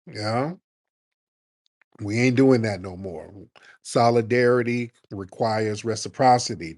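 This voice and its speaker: A man's voice: mid-range voice, no room sound, clean studio sound. Brash man hosting a call-in show. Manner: brash, mocking, animated. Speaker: radio show host. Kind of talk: live call-in comedy talk.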